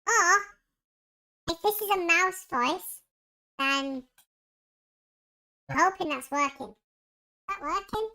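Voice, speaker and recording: A tiny squeaking mouse voice, piercingly high and bright, made by a pitch-shifting voice changer. It talks slowly and carefully, as if checking whether it can be heard. The processing leaves it thin and artificial. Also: male voice, gravelly, exaggerated voice. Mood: curious. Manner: testing, questioning. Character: squeaky little cartoon mouse.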